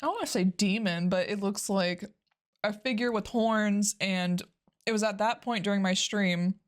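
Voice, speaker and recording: A woman who streams games, co-hosting a podcast and chatting casually in a relaxed, matter-of-fact way. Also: mid-range voice, moderate pace. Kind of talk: casual chat about a video game.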